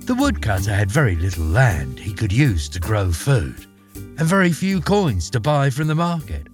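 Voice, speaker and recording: A man narrating a fairy tale aloud in an expressive, theatrical storytelling manner. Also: lowish voice, moderate pace, faint music behind.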